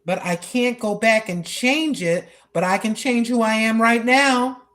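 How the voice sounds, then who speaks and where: A woman's voice: a little high, unhurried, a bit bright. A woman in her sixties vlogging on a walk, speaking earnestly about prayer in a repetitive, preacherly way. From United States. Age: 60s. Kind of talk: spoken prayer and testimony while walking. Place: outdoors on a walk.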